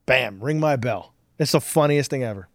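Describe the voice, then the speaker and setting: A man's voice: mid-range voice, normal speed, dry recording. Male podcast host, 40s, casual profane storyteller, dry close recording. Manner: rambling, profane, animated storytelling. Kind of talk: casual chat.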